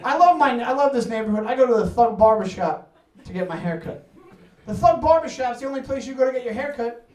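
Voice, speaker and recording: A man doing a stand-up comedy set, energetic and profane with loud, punchy outbursts. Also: extremely high pitch, fast talker. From United States. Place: New York apartment with live audience. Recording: echoey room, mic at distance, audience laughter.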